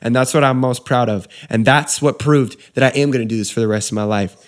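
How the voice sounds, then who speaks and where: A man's voice: mid-range voice, fast talker. A young man, a wedding DJ, telling a story in casual chat, laid-back and saying dude a lot.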